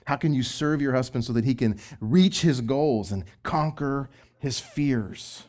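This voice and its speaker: A middle-aged man, a former youth pastor, giving Christian marriage advice in an expressive way, swinging between loud emphasis and soft asides. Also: mid-range voice, unhurried.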